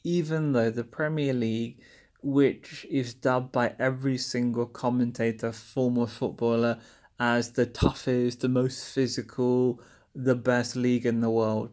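A man's voice: medium pitch, flat delivery, measured pace, a little mellow. Chatty, wry man from England. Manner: chatty, wry, often acting out quoted exchanges. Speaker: podcast host. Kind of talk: casual monologue.

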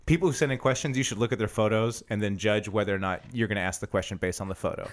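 A man's voice: on the low side, very fast. A man hosting a casual comedy podcast about basketball, joking and laughing often as he banters with friends. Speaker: podcast host.

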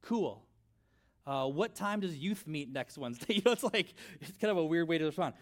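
Middle-aged guy preaching in church, chatty storytelling style, kinda high voice. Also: normal speed. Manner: conversational, animated storytelling with asides. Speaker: pastor. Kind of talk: sermon.

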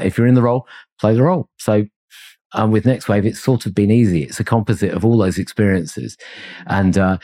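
Brief: middle-aged male guest, deep husky voice, reflective and meandering. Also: a little mellow. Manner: reflective, rambling with fillers and chuckles. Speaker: consultancy founder, podcast guest. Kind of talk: conversational interview.

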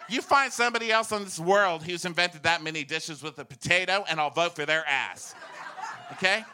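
A man from Texas, a podcast guest, delivering a loud, animated comedic rant full of swearing and sudden shouts. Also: on the high side, normal speed, clear, resonant tone.

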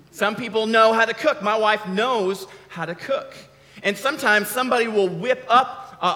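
Bright high-voiced man preaching. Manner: conversational, with frequent restarts. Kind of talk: casual sermon. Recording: long hall reverb.

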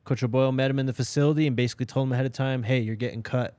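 A man co-hosting a sports podcast in casual chat, relaxed and giving quick "yep" replies. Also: medium pitch, no room sound. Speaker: podcast co-host.

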